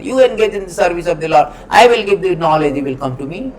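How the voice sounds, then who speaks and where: A man's voice: sits high, expressive, quick pace, hardly any pauses, a little hiss or hum, rough recording. A man giving a scripture lecture, emphatic and repetitive, chanting Sanskrit verses in between. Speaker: preacher.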